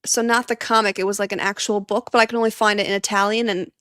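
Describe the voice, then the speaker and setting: A woman hosting a casual live-stream watch party, chatting excitably and laughing often, teary and sniffly. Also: mid-range voice, quick pace, no room sound, studio quality.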